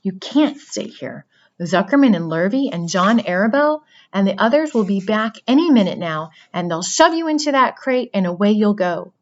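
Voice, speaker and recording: A woman reading a storybook aloud, voicing a weak, dying female spider who speaks low and calmly. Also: normal speed, dull audio, natural voice. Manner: quiet, low, calm.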